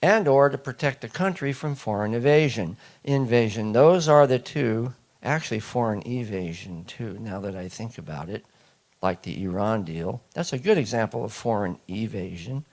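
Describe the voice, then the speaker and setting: A man's voice: lowish voice, normal speed, a little mellow. Emphatic man lecturing an audience. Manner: emphatic, asks the audience questions. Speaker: speaker addressing an audience. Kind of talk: public lecture.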